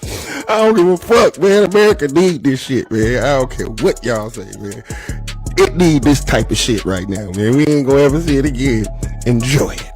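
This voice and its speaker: A man's voice: mid-range voice, lively intonation, moderate pace, a little mellow, faint music behind. A man hosting a reaction video, giving profane, emphatic commentary full of slang. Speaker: reaction channel host.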